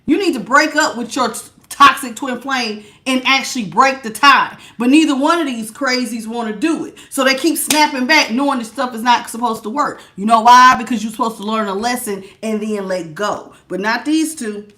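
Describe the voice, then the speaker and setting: Loud, blunt woman tarot reader; high, carrying voice, sassy, laughs often, close on a good mic. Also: moderate pace, few pauses. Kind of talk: live tarot reading, chatting with viewers. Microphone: good studio mic.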